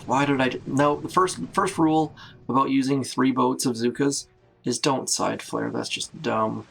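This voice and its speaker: A man with a heavily gravelly, creaky voice talks through a live game stream at an ordinary middle pitch. He counts off moves, thinks aloud and greets chat viewers by name. His tone is chatty and self-narrating. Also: steady tone, normal speed, fairly bright tone, faint music behind. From Canada. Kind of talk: live gameplay commentary.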